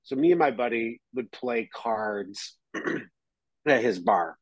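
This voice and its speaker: A laid-back man chatting casually on a podcast, rambling through his stories and often clearing his throat. His voice has an ordinary middle pitch and is recorded close and dry. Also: animated, slow pace, no echo, poor audio. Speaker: podcast co-host. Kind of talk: casual chat.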